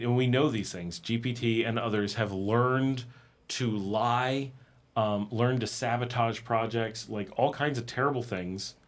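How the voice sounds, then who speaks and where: A man hosting a casual livestream, talking in a conversational, animated way and acting out exasperated quotes. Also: fairly low pitch. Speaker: livestream host. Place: home in Nicaragua.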